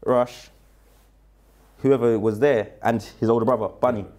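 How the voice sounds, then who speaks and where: A man with a South London accent, a rapper guest in a casual interview, telling a story in a slang-heavy, animated way and acting out what people said. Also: mid-range voice, a little slow. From London, England. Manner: animated, slang-heavy, acts out the quoted lines.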